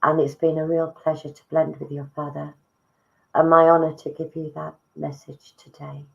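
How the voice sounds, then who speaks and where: Soft-spoken woman medium, low voice. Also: flat delivery, normal speed, creaky, highs cut off. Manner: soft, emotive, addresses listeners as darling. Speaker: psychic medium. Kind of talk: live psychic reading.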